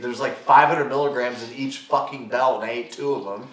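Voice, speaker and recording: A young man, a podcast guest, telling a story in casual chat, animated and swearing freely as he acts out what people said. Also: mid-range voice, fairly quick. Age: young adult. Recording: roomy, distant mic.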